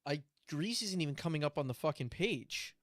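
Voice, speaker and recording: A man with a high voice chatting on a stream, rambling through asides and laughing easily. He sounds dry and close, with no room echo at all. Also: lively intonation, moderate pace, a bit bright. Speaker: stream co-host. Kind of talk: casual stream chat.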